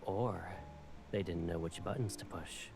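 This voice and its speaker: An actor playing a calm, teasingly dry young man in a game, an old childhood friend of the heroine. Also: sits low, unhurried, vocal fry, a little hiss or hum. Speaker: game character. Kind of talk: game voice acting. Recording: loud game music underneath.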